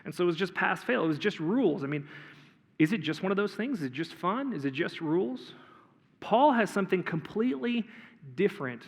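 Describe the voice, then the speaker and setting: A male pastor preaching a sermon in a conversational way, often clearing his throat and repeating words. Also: high voice, animated, a little fast. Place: church auditorium. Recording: long hall reverb.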